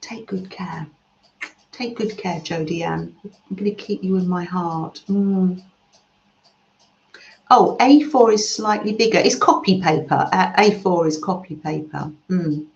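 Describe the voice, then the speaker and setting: A soft-spoken woman hosting a gentle craft live stream, reading out chat messages and murmuring as she works at home. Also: fairly low pitch, a little slow, creaky. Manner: soft-spoken, murmurs "mm" often, trails off mid-sentence. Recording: roomy, slightly dull home recording.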